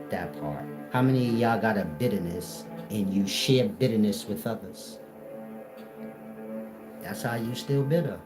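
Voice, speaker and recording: Low-voiced dude preaching hard in aave, scolding folks, music going under him. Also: male voice, measured pace, rough recording. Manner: confrontational, lecturing, repetitive rhetorical questions. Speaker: spiritual teacher. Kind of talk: preaching monologue. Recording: music playing behind the voice.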